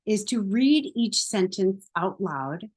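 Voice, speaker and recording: A woman's voice: mid-range voice, lively intonation, slow, darkish tone, husky. A woman as a self-help coach, earnest, encouraging, chatty, mid-range voice. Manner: talks straight to the listener with many "like"s. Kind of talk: guided self-help lesson.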